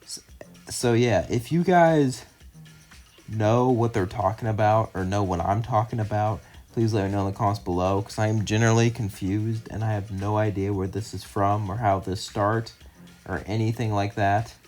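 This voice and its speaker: A young man with a fairly low voice tells a homemade fan story. He chains events in long run-on sentences and talks in a casual, chatty way, with faint music playing behind him. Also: steady tone, normal speed, a little mellow. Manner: loose run-on narration, many "as" and "would say" links; chatty and rambling in the outro, many fillers. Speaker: channel narrator.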